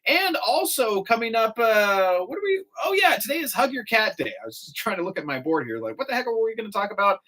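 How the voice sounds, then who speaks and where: Animated man hosting morning radio. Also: sits high. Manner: chatty, animated storyteller with quick asides. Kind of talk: casual radio talk. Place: radio studio.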